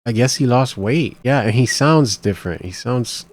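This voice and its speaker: A man's voice: medium pitch, lively intonation, moderate pace. A man hosting a reaction video, talking casually and rambling as he thinks aloud with many restarts. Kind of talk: casual commentary.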